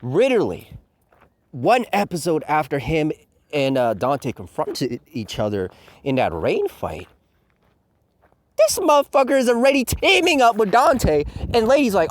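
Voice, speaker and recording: Profane, ranting man with a lively voice. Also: fairly high pitch, unhurried. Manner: profane, ranting, full of fillers. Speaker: commentator. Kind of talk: ranting review commentary.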